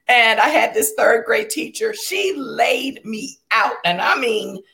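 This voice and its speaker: Woman educator, fairly high voice, emphatic storyteller who leans on repetition. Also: fairly bright tone. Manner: emphatic, repeats phrases for effect. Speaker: educator and former school improvement consultant. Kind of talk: storytelling in a panel conversation.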